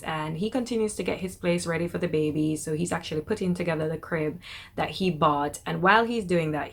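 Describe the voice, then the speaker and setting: A young woman casually recapping a TV episode, chatty and animated, quoting the characters in quick bursts. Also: lowish voice. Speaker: TV episode reviewer.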